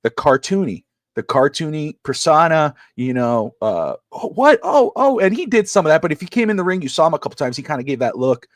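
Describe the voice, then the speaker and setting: A man co-hosting a sports talk show, chatting casually in an excitable, rambling way and often restarting his sentences. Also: a little high, fast talker, few pauses, dry recording, clean studio sound. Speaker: sports podcast co-host.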